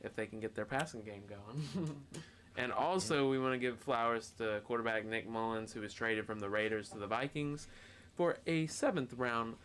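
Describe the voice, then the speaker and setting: Young man, sports co-host, mid-pitched voice, laid-back, faint room hiss. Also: normal speed, fairly bright tone. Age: young adult. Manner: laid-back, chuckling, loose and rambling. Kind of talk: casual sports talk. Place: student media studio.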